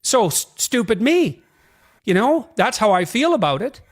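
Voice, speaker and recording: A man from Canada, laying out an argument in a measured, reasoning way. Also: sits high, big pitch swings.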